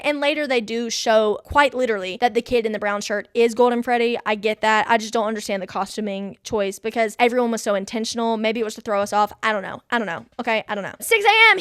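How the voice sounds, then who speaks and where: A young woman hosting a podcast, reviewing a movie from her notes in an excitable, gushing way and laughing often. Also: on the high side, dry recording, studio quality. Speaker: podcast host.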